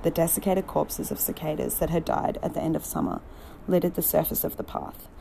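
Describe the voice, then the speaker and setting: A woman narrating a novel in a measured, unhurried way. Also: deep voice, level tone, creaky, dark tone, slight background noise, low-quality recording. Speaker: audiobook narrator. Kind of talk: novel reading.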